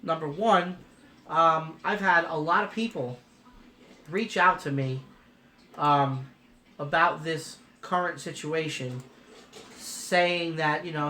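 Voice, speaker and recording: A man's voice: fairly high pitch, takes it slowly, pauses often, pushed and bright. A man in his thirties vlogging casually from a trade show on a phone camera, rambling and emotional, repeating "you know" as he talks. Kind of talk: casual vlog.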